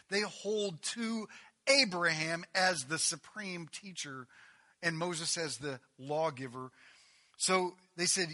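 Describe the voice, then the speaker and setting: Male preacher, high-pitched, brightly voiced, animated sermon delivery with rising emphasis. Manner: animated, reading scripture with rising emphasis and asides.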